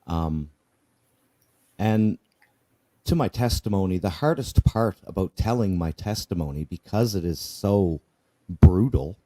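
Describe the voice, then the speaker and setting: A man's voice: deep voice, lively intonation, unhurried, pauses often, dark tone. A man telling his personal testimony in an earnest, candid way, often repeating himself and asking "right?". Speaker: guest sharing his life story.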